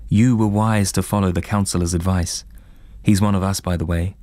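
A man voicing a mysterious, commanding female fortune-teller in a storybook reading, speaking calmly and cryptically. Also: low-pitched, normal speed, no room sound, clean studio sound, lightly acted. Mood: cryptic.

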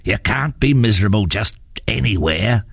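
Man doing a gruff grumpy troll father. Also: on the low side, animated, no echo, studio quality, heavily acted. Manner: growling, slow.

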